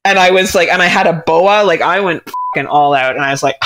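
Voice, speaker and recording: A woman from Canada talks in a relaxed podcast interview. She tells stories with lots of laughter and a lively delivery. Her voice is bright and ringing. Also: on the low side, quick pace. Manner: laughing, animated storytelling. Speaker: podcast host. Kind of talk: casual interview chat.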